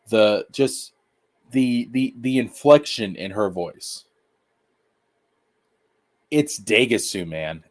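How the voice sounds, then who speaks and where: Male stream host, mid-pitch, casual slangy anime commentary, repeats lines for emphasis. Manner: excitable, repeats himself, slangy.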